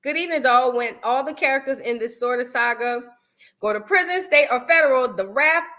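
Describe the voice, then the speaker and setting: A young woman hosts a casual livestream, calling out viewers by name in a relaxed, chatty drawl. Her voice sits high and sounds bright and forward. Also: fairly quick. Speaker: livestream host. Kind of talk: casual live-stream chat greeting viewers.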